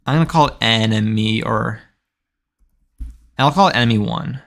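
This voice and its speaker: A man's voice: on the low side, normal speed, vocal fry, a bit bright. A young man in his twenties streaming his game development, talking casually and thinking aloud with frequent restarts. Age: 20s. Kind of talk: casual live-stream talk while coding.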